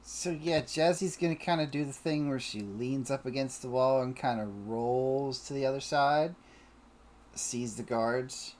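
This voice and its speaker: A woman's voice: very deep voice, unhurried, darkish tone. A woman playing in an online tabletop game, joking and sassy. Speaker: player. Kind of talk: casual tabletop role-play.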